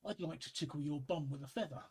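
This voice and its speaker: A man voicing a posh, cheeky city gentleman in a pub, ordering in a prim, polite way. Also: a little high, fast talker, breathy edge.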